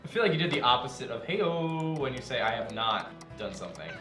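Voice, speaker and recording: A man's voice: medium pitch, big pitch swings, fairly quick. A young man co-hosts a game stream, his voice swinging up and down as he rambles through wry opinions. His voice sounds roomy, with game music behind him. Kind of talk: casual chat while gaming.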